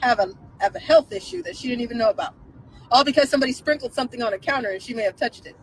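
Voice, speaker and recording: A woman hosting a live stream with a high, very animated voice that jumps around as she fires off incredulous rhetorical questions. She laughs often and talks in a loose, casual way. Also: very fast, slight background noise, low-quality recording.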